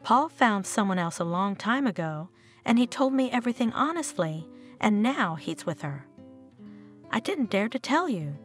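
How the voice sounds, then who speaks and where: A woman's voice: medium pitch, big pitch swings, moderate pace, soft background music, close to an everyday voice. A woman voicing a spiteful, scheming older mother-in-law who mocks as she speaks. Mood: venomous. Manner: venomous, mocking.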